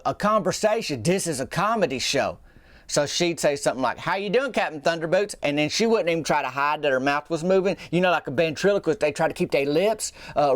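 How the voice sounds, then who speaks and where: A man's voice: on the high side, dry recording. A man telling a comic story in a rambling, folksy way, full of restarts and asides. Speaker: storyteller host.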